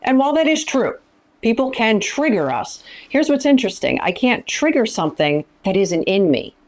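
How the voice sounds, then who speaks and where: A woman's voice: a little high, very animated, normal speed. A middle-aged woman speaking as a ministry founder, teaching in an emphatic way and often repeating phrases for stress. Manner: emphatic, repeats phrases, acts out quoted lines. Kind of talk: teaching talk in an interview.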